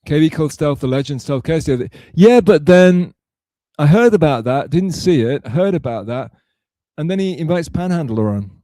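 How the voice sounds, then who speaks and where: Mellow-voiced man chatting on a livestream. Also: a little high, lively intonation, brisk, no echo. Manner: rambling, answers chat messages aloud. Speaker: livestream host reading chat. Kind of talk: casual live-stream chat.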